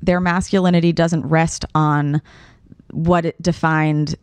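A woman's voice: low voice, level tone, slow, smooth, no room sound. A woman hosting a podcast in casual chat, frank and swearing freely. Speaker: podcast host.

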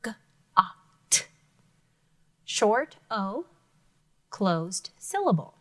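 A woman teacher giving an elementary phonics lesson, sounding out words carefully and clearly for young students. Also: medium pitch, big pitch swings, takes it slowly, a bit bright.

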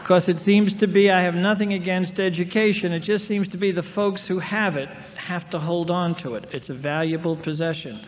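This high-pitched man in his sixties barely pauses as he talks at normal speed with fairly level intonation. He's a storytelling speaker at a recovery meeting, full of wry jokes at his own expense, recorded in a large convention hall on echoey 1990s tape with faint hiss.

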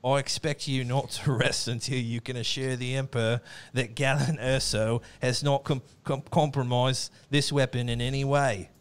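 A man's voice: medium pitch, level tone, drawn-out words, hardly any pauses, clear, resonant tone. A man doing a stern imperial officer in a mock foreign accent, reading quotes theatrically. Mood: menacing. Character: stern menacing imperial officer, male, adult.

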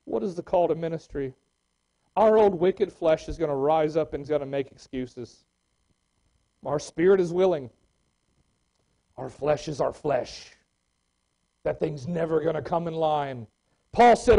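A man preaching a sermon in a church, swinging from loud exclamations to quiet scripture reading. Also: on the high side, expressive, normal speed, long pauses, low-quality recording.

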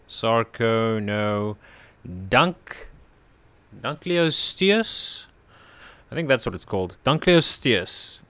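A man's voice: lowish voice, a bit bright, smooth. A man hosting a casual let's-play, chatting to viewers and talking affectionately to his in-game creatures with small laughs. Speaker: gaming channel host.

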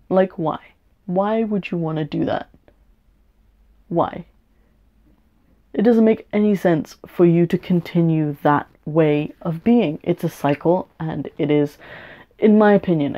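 A young woman rants frankly in a personal video, swearing freely and restarting her sentences as she works through her thoughts. Her voice sits somewhat low, and the home recording sounds muffled and lo-fi. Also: a little slow. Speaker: vlogger. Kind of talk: personal rant to camera. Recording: dull lo-fi home video audio.

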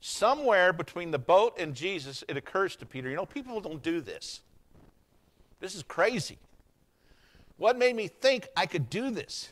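A man preaching a sermon in a church service, folksy and conversational, swinging from hushed lines to loud ones. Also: sits high, big pitch swings, moderate pace, low-quality recording. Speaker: pastor.

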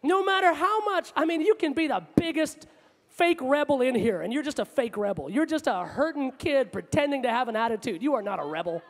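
A man preaching a sermon with passion, moving between loud outbursts and hushed asides, in a large church hall. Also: extremely high pitch, expressive, brisk. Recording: long hall reverb.

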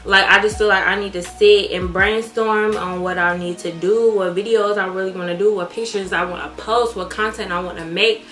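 Young woman beauty vlogger, profane, candid, bright voice, roomy echo. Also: mid-range voice, steady tone, normal speed, hardly any pauses, soft background music. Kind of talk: casual chat while doing makeup.

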